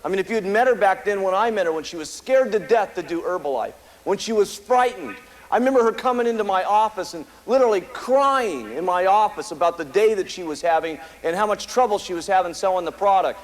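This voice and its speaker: Brisk and lively in intonation, a high-voiced American man speaks as the founder of a company at a meeting. His motivational speech to the live audience is emphatic and repetitive, built around stories. The recording is low quality.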